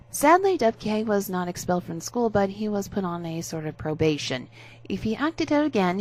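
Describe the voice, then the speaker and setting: A woman narrating a story aloud in a steady, casual way. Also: mid-range voice.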